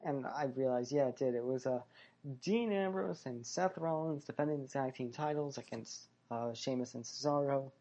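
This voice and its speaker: Talking alone through a wrestling and fight recap, this podcaster meanders casually, often using fillers and correcting himself. He has a mellow, medium-pitched voice, keeps a moderate pace, and the recording is lo-fi.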